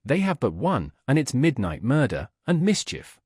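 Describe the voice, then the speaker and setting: A man's voice: medium pitch, wildly swooping pitch, moderate pace, a little mellow, slightly rough, no echo, clean studio sound. A man voicing a bustling, emphatic middle-aged woman, a loyal governess, in an audiobook.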